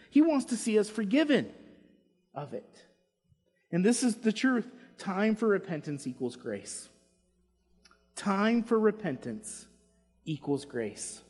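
A man preaching to a congregation, his slightly high, breathy voice carried by a long church reverb. He urges loudly, then drops to soft, quiet asides. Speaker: pastor. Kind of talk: sermon. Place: church sanctuary.

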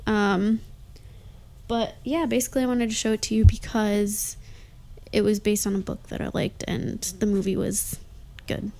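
A woman's voice: medium pitch, level tone, normal speed, dark tone. A woman in a casual chat about a movie she chose, hesitant, hedging with fillers. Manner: hesitant, lots of fillers, mildly defensive. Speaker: co-host discussing a movie.

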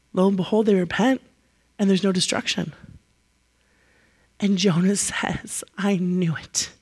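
A woman preaching a sermon, telling the story in a lively way and acting out the quotes. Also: mid-range voice, vocal fry.

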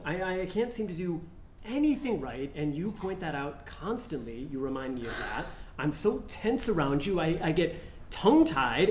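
Guy doing a jittery young husband, halting, stumbles over words, lively pitch, faint hiss in a roomy hall. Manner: stammering, halting, nervous laughs. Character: anxious young husband about to become a father. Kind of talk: live staged play reading. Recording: echoey live room, faint hiss.

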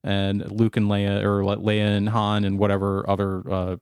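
A man's voice: lowish voice, completely flat delivery, normal speed, darkish tone, clean tone, no echo, clean studio sound. Rambling, chuckling man telling a story. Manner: rambling, chuckling, profane asides. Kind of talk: casual storytelling chat.

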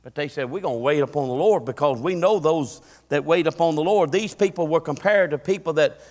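A man's voice: a little high, fairly quick, darkish tone, long reverb tail. A man preaching a sermon, building emphasis with repeated rhetorical questions. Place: church sanctuary.

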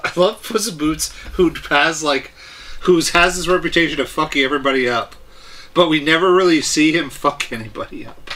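A man's voice: on the high side, moderate pace, pushed and bright, slight background noise. A man in a casual movie chat, giving blunt opinions and questions about the plot. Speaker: podcast co-host.

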